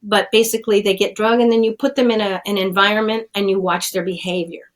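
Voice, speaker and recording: A woman's voice: medium pitch, steady tone, fast talker, rough recording. A middle-aged woman scientist telling her story in a plainspoken, earnest way during an interview. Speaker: addiction scientist, guest. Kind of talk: conversational storytelling.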